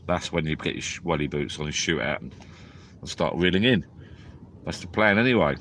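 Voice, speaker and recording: A man's voice: low voice, lively intonation, a little fast, a bit bright, slight background noise. A tired man, chatting rambly and drowsily on a live stream from inside a small tent at a lake at night. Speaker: fishing vlogger. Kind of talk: casual live-stream chat.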